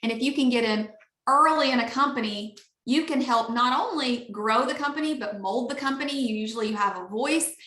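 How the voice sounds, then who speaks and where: A woman with an Alabama accent giving an upbeat, gushing sales pitch on a video call. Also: brisk, pushed and bright, echoey room. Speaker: network marketing leader.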